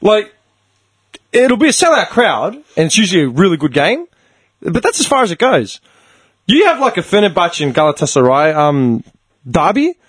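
A man, chatting casually and telling a story in an animated, sweary way. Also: high voice, normal speed, breathy edge, no echo. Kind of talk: casual chat.

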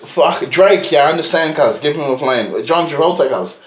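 A man's voice: fairly high pitch, lively intonation, brisk, a little hiss or hum. A man co-hosting a podcast in casual chat, bantering, swearing and using slang. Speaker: podcast co-host.

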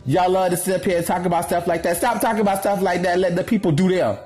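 Sassy guy ranting about celebs on his vlog, kinda high voice, faint music behind. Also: fairly even intonation, quick pace. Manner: brash, profane, sassy, sharp-tongued. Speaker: celebrity gossip commentator.

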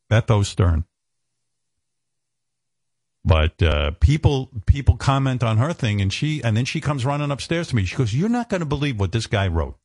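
A middle-aged radio host talking candidly, blunt and profane, self-deprecating. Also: male voice, on the low side, darkish tone, no echo, studio quality. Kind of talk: candid on-air talk.

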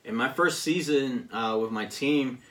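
A man in relaxed conversation with a middle-range voice, rambling along and stopping often for fillers. He sits a little back from the microphone. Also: mid-range voice, far from the mic. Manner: rambling, halting with many fillers. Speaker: podcast guest recounting a video game season. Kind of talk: casual chat.

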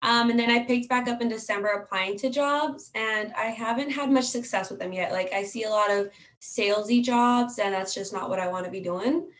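A woman in her twenties, a guest on a podcast interview, speaking in a quieter, relaxed and measured way. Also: a little high. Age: 20s. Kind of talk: casual interview conversation.

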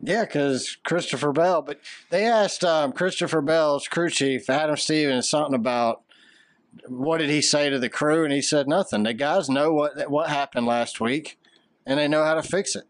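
A man's voice: on the high side, moderate pace, no room sound. Southern man chatting, dry close sound. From American South. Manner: chatty, opinionated, joking. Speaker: podcast co-host. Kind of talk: casual chat.

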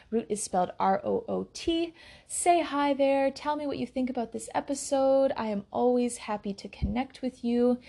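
Woman, podcast host, casual monologue, slow and relaxed, ums, vocal fry. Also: a little high. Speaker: podcast host and intuitive health coach.

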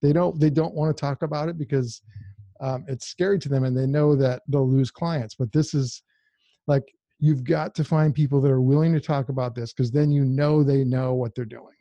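A man's voice: mid-range voice, steady tone, moderate pace, mellow, no echo, highs cut off. A man co-hosting a podcast, talking in a direct, emphatic, casual way. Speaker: podcast co-host.

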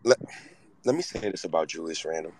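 A man's voice: very deep voice, expressive, brisk, darkish tone, slight background noise, poor audio. A man in his thirties, hosting a casual sports talk show and ranting with lots of profanity. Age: 30s. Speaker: host.

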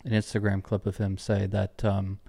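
Low-voiced host asking thoughtful questions. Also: male voice, completely flat delivery, normal speed, gravelly, mellow, dry recording. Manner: thoughtful and searching, with fillers. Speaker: podcast host. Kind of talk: interview questions, casual chat.

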